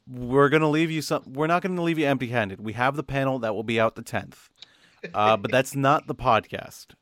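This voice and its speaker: A man's voice: fairly low pitch, fairly bright tone, dry recording, clean studio sound. Casual chatty male podcast host. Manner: rambling with fillers and restarts, reads numbers out slowly.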